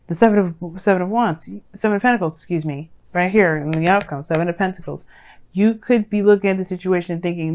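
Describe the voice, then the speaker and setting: Chatty slightly hoarse woman reading tarot. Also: on the low side, a little fast, a little mellow. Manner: rambling, chatty, sassy, lots of fillers. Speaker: tarot reader. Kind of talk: casual tarot reading to viewers.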